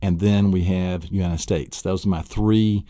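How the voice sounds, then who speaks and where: A man's voice: low voice, fairly even intonation, measured pace, dark tone, no echo, clean studio sound. A man teaching a recorded memory course, enthusiastic and fond of acting out vivid mental pictures. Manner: enthusiastic, acts out vivid scenes. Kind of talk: recorded lesson.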